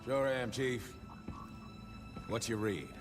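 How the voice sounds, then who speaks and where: An actor playing a terse soldier on a radio channel in a video game. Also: male voice, mid-range voice, slow, natural voice. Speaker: game character. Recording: game audio with reverb and music.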